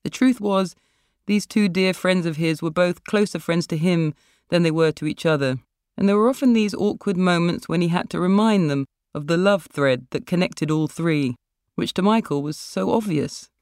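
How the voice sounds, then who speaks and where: An author reading their own short story aloud in a wry, measured storytelling voice. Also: medium pitch, a little mellow, clean tone, no echo, clean studio sound. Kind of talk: literary reading.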